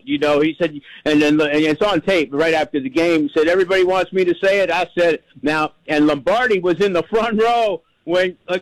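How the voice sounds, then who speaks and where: A man's voice: a little high, no echo, low-quality recording. A man, phoning in to a sports show and rambling, repeating himself as he talks. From New York. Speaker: caller. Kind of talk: phone-in caller story.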